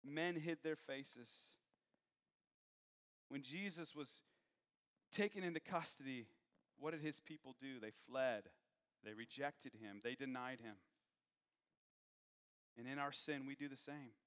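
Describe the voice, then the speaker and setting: A man preaching a sermon, moving from hushed, low passages to raised, emphatic ones. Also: takes it slowly, long pauses, smooth, long reverb tail.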